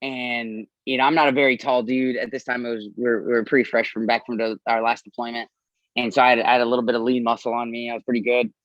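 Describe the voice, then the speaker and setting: A man's voice: medium pitch, flat delivery, fast talker, fairly bright tone, no echo, lo-fi sound. A man in his thirties, an army veteran, candidly telling his own story in a podcast interview and swearing freely.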